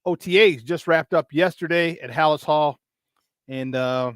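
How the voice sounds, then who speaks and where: A male sports talk host with a slightly high voice on a dry, close recording. He calls out viewers by name with loud excitement, then sinks into low, weary grumbling between shout-outs. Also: measured pace, smooth, no room sound. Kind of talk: casual morning sports talk show.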